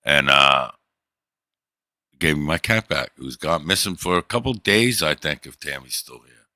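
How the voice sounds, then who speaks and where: A man's voice: extremely low pitch, normal speed, sharp tone, no echo. A man livestreaming, telling a long rambling story to his chat in loose, profane casual talk.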